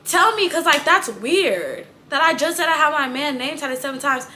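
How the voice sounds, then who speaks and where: Lady quoting a coworker who won't let it go, pressing hard, high voice. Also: animated, moderate pace, pushed and bright, a little hiss or hum. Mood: pushy. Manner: insistent, pressing. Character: pushy insistent woman coworker.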